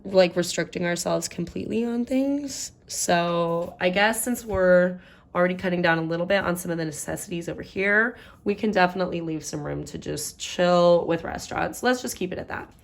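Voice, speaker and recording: A young woman talks through a budget in a relaxed, chatty way, thinking aloud as she works out the numbers. Her voice sits a little low and has a gravelly, fry-laden texture. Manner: chatty, thinks aloud while doing sums. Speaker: budgeting vlogger. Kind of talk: casual budget walkthrough.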